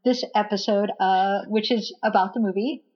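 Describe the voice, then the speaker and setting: A woman's voice: mid-range voice, fairly even intonation, normal speed, dull audio. A woman co-hosting a podcast in casual chat, giggly and joking. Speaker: podcast co-host.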